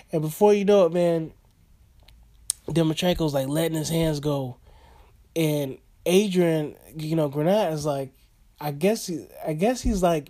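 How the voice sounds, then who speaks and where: Mellow-voiced man rambling through a fight recap. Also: on the high side. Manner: rambling, chuckling, filler-heavy slang. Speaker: boxing fan recapping a fight.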